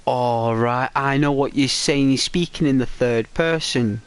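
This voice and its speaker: Man, young adult, game streamer, casual live-stream chat, rambling, laughs a lot, mid-pitched voice. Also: unhurried, smooth, no room sound. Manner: chatty, rambling, laughs often, answers chat messages.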